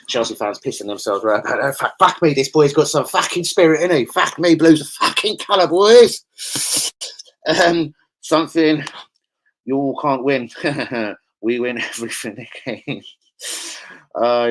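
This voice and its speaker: A man's voice: mid-range voice, a bit bright, poor audio. Man, live-stream host, casual rant, heavy swearing, slangy banter.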